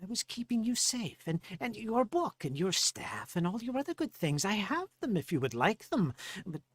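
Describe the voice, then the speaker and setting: A man's voice: high voice, sing-song, normal speed, slightly rough, no echo, voice pushed up, full character voice. A man voicing a secretive, scheming male gnome who holds another's belongings, speaking in a raised, evasive voice. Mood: sly.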